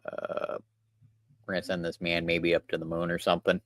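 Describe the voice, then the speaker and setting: A young man chatting casually to his livestream viewers while he works, relaxed and rambling. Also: deep voice, a little fast, slight background noise. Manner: relaxed, rambling, talks to chat while working.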